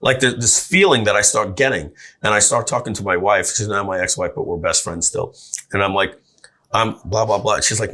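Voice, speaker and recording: A middle-aged guest entrepreneur tells a long story in an interview, acting out other people's lines as an animated storyteller. His voice is fairly low and brisk.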